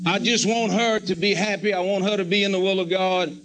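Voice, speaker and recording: A man's voice: high-pitched, steady tone, fairly quick, fairly bright tone, low-quality recording. A man preaching a sermon testimony, telling his story and acting out his own prayers in a pleading, fervent voice.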